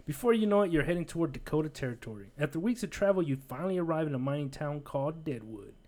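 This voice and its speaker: A man's voice: fairly high pitch, expressive, fast talker, a little mellow. A man casually reading a choose-your-own-adventure book aloud, breaking off with jokey asides. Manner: jokey, digressive, laughs at his own asides.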